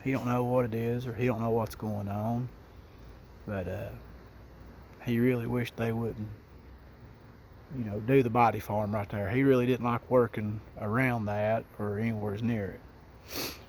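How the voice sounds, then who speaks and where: A man's voice: mid-range voice, level tone, darkish tone, a little hiss or hum. Folksy man telling a ghost story. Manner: folksy, unhurried, with rural Southern phrasing. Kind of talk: first-person ghost story.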